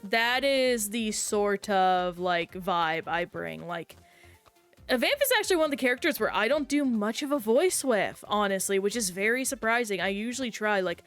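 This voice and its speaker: A woman streamer in casual, chatty conversation while playing a game, reacting aloud in an animated way. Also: medium pitch, normal speed, soft background music. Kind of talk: casual gameplay chat.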